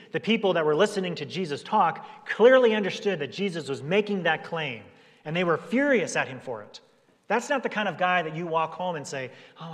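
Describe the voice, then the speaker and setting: A man preaching a sermon as a pastor, talking in a relaxed conversational way and briefly putting on voices for the people in his story. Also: on the high side. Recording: long hall reverb.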